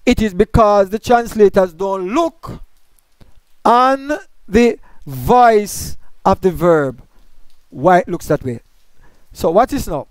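A man's voice: high voice, lively intonation, slow, clean tone, dry recording. A man teaching a Bible study, explaining grammar point by point and asking questions that he answers himself.

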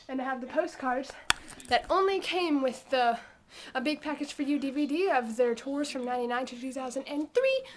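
A woman's voice: high voice, noisy background. A young woman chatting casually in her bedroom vlog, rambling and gushing like a fan. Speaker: vlogger. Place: bedroom at home.

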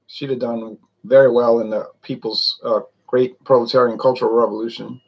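Husky man rambling casually. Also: mid-range voice, flat delivery, normal speed, muffled recording. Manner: folksy, meandering, many fillers. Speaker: vlogger reviewing drinks.

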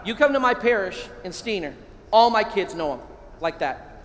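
A middle-aged priest giving a lively keynote talk to a crowd of men, calling out phrases for them to repeat. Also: male voice, high voice, moderate pace. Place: large hall. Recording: long hall reverb, faint ambient noise.

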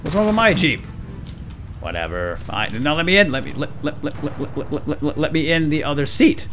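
Excitable man playing a war game, lively pitch. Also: a little fast. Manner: excitable, jokey, talks to teammates. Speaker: let's play gamer. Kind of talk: casual gameplay commentary. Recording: game music behind voice.

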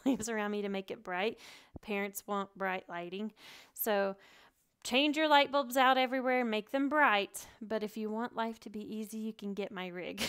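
A woman who teaches English online, giving casual and animated advice in a vlog from her home and laughing often. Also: a little high, clean tone.

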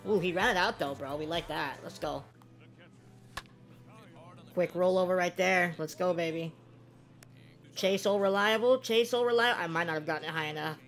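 A woman giving casual commentary on her own video game play, swinging from low-key play-by-play to loud, excited yelps. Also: normal speed, long pauses, faint music behind. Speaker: gaming video creator.

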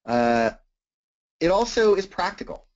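A man's voice: high-pitched, sing-song, measured pace. A man giving an academic talk on teaching writing, thinking aloud with many "uh"s and repeated words. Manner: frequent "uh" and repeated words, thoughtful. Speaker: lecturer. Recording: dull lo-fi recording.

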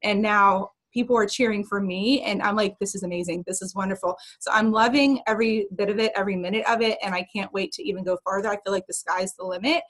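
A woman's voice: mid-range voice, fairly even intonation, fairly bright tone, poor audio. Earnest, emotional woman telling her story. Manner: emotional, earnest, fast-talking. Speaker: new team member sharing her story. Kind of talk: casual personal testimony on a video call. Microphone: video call.

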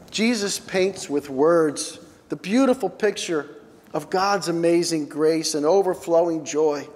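A man preaching in a church sanctuary, his high voice carrying a long reverb tail. He speaks slowly and earnestly, rising in emphasis on key lines. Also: darkish tone. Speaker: pastor. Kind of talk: sermon.

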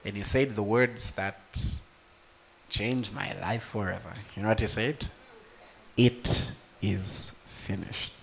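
A man preaching a sermon to a congregation, rising to loud emotional peaks and speaking directly to his listeners. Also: lowish voice, measured pace, gravelly, slight background noise. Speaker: pastor.

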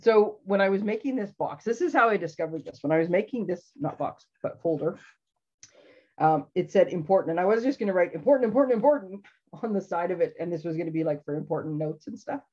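A woman's voice: fairly low pitch, expressive, fast, a little mellow, lo-fi sound. Chatty woman hosting a live craft demo. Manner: chatty, rambling, laughs often. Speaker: craft show host. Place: home craft room.

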